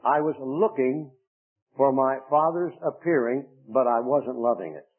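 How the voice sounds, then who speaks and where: Older preacher over tinny radio. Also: male voice, mid-range voice. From Lancaster, Pennsylvania. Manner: slow, emphatic preaching that stretches key words. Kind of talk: sermon on a radio broadcast. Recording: tinny phone-like radio recording.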